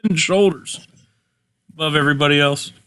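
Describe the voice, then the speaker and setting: A man's voice: on the high side, fairly quick, fairly bright tone, clean tone. A man co-hosting a casual game commentary, laid-back and blunt as he reads out match results. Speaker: let's play co-host.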